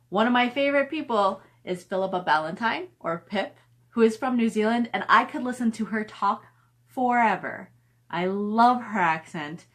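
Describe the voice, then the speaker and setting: A middle-aged author hosts a relaxed live stream from home, reading viewer comments aloud and cooing at her dog. Her voice is on the high side and a bit bright.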